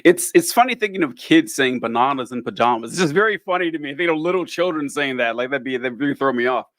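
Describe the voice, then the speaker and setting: A man's voice: on the high side, fast, no echo. A man co-hosting a podcast in casual chat, rambling and laughing, with many restarts. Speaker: podcast co-host.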